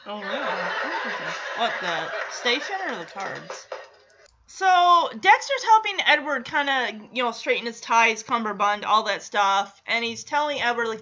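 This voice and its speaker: A woman's voice: fairly high pitch, sing-song, unhurried, sharp tone, dull audio. A woman chatting through a casual TV episode recap, laughing often and acting out the characters' lines.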